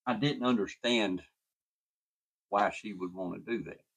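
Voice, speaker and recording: A man's voice: lowish voice, measured pace. A man telling a personal story in a folksy, earnest way.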